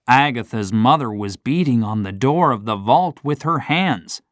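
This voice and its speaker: Slow, expressive male storyteller. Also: medium pitch, dry recording, studio quality. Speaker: narrator. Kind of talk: scripted story narration.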